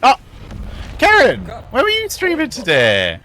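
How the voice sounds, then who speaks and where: A man's voice: extremely high pitch, wildly swooping pitch, a little slow, bright, forceful tone. A man giving casual, joking commentary while streaming a game and chatting with viewers. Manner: joking, laughs, chats with viewers.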